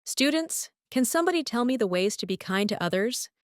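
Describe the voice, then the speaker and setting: A woman playing a calm classroom teacher. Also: on the high side, fairly quick, lightly acted. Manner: calm, orderly, gives turns politely.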